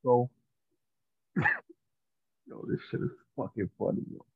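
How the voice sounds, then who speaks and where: A man's voice: mid-range voice, fairly even intonation, unhurried, husky, dry recording. A man telling a funny story in casual slang, laughing at his own tale. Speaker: podcast guest. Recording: dry tinny phone-like sound.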